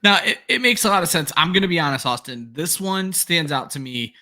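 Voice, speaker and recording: A man's voice: fairly high pitch, animated, brisk, sharp tone. A man co-hosting a fantasy football show, talking in a friendly, casual way and turning to the audience now and then. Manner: friendly, addresses the audience as folks. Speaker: co-host.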